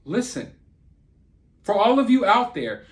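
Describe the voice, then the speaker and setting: A man's voice: high voice, very animated, unhurried. A man hosting his own channel, delivering celebrity gossip commentary in an indignant, sarcastic rant. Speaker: channel host.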